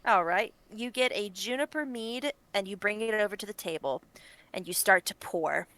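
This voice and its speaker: A woman's voice: medium pitch, moderate pace, bright, forceful tone, dry recording. A woman narrating a tabletop game as game master, with descriptive storytelling and frequent fillers.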